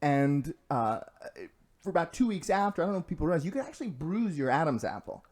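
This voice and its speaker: A man's voice: a little high, fast talker. A man, a podcast guest, telling stories in casual chat, acting out the voices of the people in them and laughing along. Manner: animated, acts out quoted voices with laughs.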